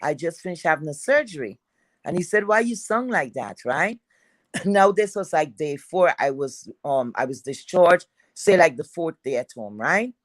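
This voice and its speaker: A woman with a deep, heavy voice telling a personal story in a chatty, rambling way, full of fillers. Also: lively intonation, moderate pace, dry recording, poor audio.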